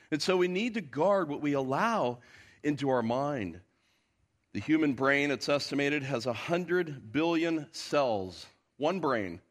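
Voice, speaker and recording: A man's voice: on the high side, fairly bright tone. A man preaching a sermon to his congregation as pastor, emphatic, often asking the listeners rhetorical questions. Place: church.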